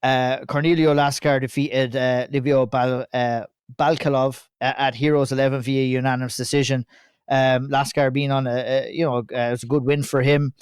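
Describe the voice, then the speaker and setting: A man hosting a podcast, chatty and quick to laugh at his own jokes. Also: mid-range voice, flat delivery, clean tone, dry recording, clean studio sound. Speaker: podcast host. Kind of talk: casual chat.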